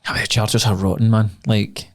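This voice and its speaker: A man's voice: fairly low pitch, level tone, a little fast. A young Scottish man co-hosting a podcast, chatting casually, rambling and swearing freely. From Scotland. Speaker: podcast co-host. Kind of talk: casual chat.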